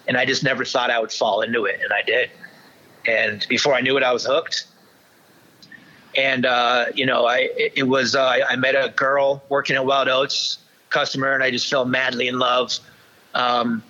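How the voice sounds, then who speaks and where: A man as an interview guest, telling a candid personal story in a halting way, with many restarts and fillers. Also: medium pitch, bright, forceful tone. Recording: dull lo-fi sound.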